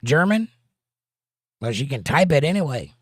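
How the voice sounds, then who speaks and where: A man's voice: fairly high pitch, big pitch swings, moderate pace, no echo. A man hosting a casual livestream, greeting viewers by name and reading their chat messages aloud, with playful rhyming jokes.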